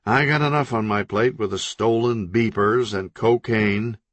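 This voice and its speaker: A man voicing a blunt, irritable male crime boss who talks in a gruff, impatient, insulting way. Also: lowish voice, a little slow, fairly bright tone, dry recording.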